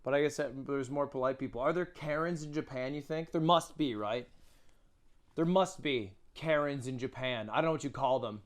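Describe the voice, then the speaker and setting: A man's voice: medium pitch, normal speed. A young adult man streamer giving casual, joking reaction commentary, blunt and full of swearing.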